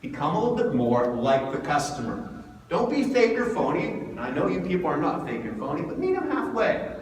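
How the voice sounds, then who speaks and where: A man giving a lively seminar talk, asking the audience questions, recorded from far off in a hall. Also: a little high, a little fast. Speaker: speaker.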